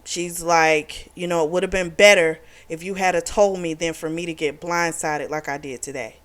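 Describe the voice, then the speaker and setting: A woman with a fairly low, fairly bright voice reviews a romance novel in casual conversation, speaking at a moderate pace with fairly even intonation. She retells the plot chattily, acting out the characters' lines with "she's like."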